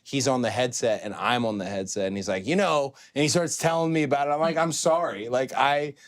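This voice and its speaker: A man hosting a casual chat podcast, telling stories with lively acted-out quotes and reading an ad. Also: mid-range voice, fast. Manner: animated storyteller, acts out quotes. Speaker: podcast host.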